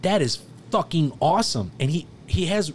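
A man's voice: on the high side, lively intonation, normal speed, slight background noise. A man in casual podcast chat, telling rambling, profane stories and acting out quoted voices.

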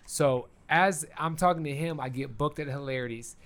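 A man, a stand-up comedian, telling stories in a relaxed interview chat, often acting out the voices of the people he meets. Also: fairly high pitch, normal speed. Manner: self-deprecating storyteller who acts out fans' voices.

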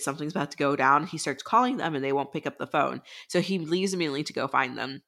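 A woman's voice: sits low, fairly bright tone. A woman co-hosting a book podcast, recapping the plot in casual, swearing chat. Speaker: podcast co-host.

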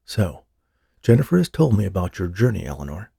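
A man voicing a calm, gentle psychic medium who speaks soothingly, in an audiobook. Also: low-pitched, brisk, vocal fry, breathy edge, no echo, studio quality, exaggerated voice. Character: calm, smooth-talking male psychic medium.

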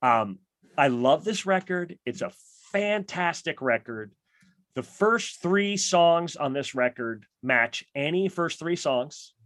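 A man with a slightly higher voice chats casually about music on a podcast, rambling with lots of "like" and bursts of enthusiasm. The sound is dry and close, with no room in it. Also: animated, slow, a bit bright, dry recording. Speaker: podcast host.

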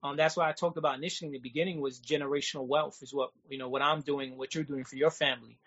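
A man's voice: medium pitch, fairly even intonation, very fast, fairly bright tone. A man, talking in a laid-back, streetwise way and often asking "you know what I'm saying". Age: 40s. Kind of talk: casual chat. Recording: dull lo-fi sound.

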